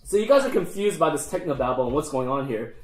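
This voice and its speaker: A man narrating as game master of a tabletop game, halting and full of fillers and restarts. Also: a little high, very animated. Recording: echoey room.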